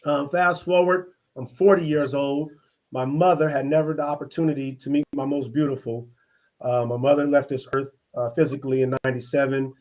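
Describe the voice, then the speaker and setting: A middle-aged man from East Oakland, telling his life story as an interview guest, earnest and halting with many restarts. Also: medium pitch, fairly even intonation, darkish tone. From East Oakland, California. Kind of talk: reflective personal storytelling.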